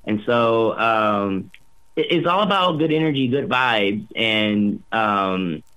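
A man's voice: fairly low pitch, lively intonation, takes it slowly, a bit bright, clear, resonant tone, low-quality recording. A young man, a voice actor, chatting upbeat in an interview, rambling with lots of fillers and restarts. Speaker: voice actor guest. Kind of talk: casual interview chat.

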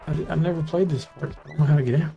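A man's voice: on the high side, very fast, creaky, warm tone, lo-fi sound, faint music behind. A man chatting casually with a friend while they play a game, offhand and matter-of-fact. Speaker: co-player. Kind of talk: casual chat while gaming.

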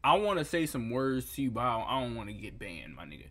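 Looking at food photos, a young man rants comedically, swearing, disbelieving and bursting into loud outbursts. His mid-range voice is very animated and fast.

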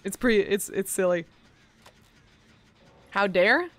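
A woman's voice: mid-range voice, animated, takes it slowly, a bit bright, slight background noise. A woman streaming a game live, chatting casually with viewers in a playful, profane way. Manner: playful, profane, bursts into gasps and laughs. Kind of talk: casual live-stream chat while gaming.

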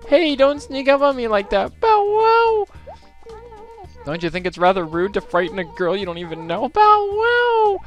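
A young gamer voicing a prim, girly female dog villager in a high, proper voice. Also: fairly quick, few pauses, lo-fi sound, faint music behind, lightly acted.

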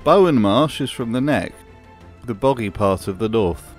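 A man's voice: mid-range voice, lively intonation, normal speed, faint music behind. A man narrating a scripted commentary video with a dry, sardonic manner.

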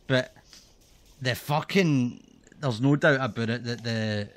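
Sweary gaming streamer. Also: male voice, mid-range voice, slow. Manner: sweary, laughing, rambling. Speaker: game streamer. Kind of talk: casual gaming commentary.

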